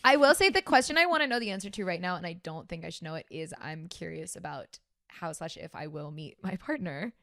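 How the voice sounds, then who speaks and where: A woman's voice: fairly low pitch, expressive, brisk, few pauses, fairly bright tone, no echo, clean studio sound. A young woman co-hosting a podcast in casual chat, joking and laughing often. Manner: jokey, laughs often, mock rom-com voices. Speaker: podcast co-host.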